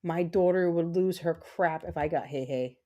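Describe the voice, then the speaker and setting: A woman's voice: on the low side, moderate pace, mellow, muffled recording. Chatty woman streaming a cozy game. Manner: chatty, self-talking, rambling. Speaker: gaming livestream host. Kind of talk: casual chat while playing.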